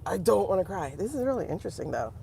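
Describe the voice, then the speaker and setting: A woman's voice: fairly low pitch, fast, vocal fry, slight background noise. A woman hosting a casual livestream as a tarot reader, chatting to her viewers and laughing often. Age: adult. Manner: chatty, animated, laughs often, talks to the chat.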